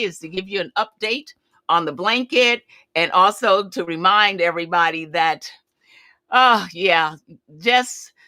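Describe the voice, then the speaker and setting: A woman's voice: mid-range voice, no echo. A woman in her seventies hosting a casual livestream chat, telling a story candidly and quoting others with animation. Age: 70s. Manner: chatty, candid, retells conversations with animated quoting. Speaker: livestream host.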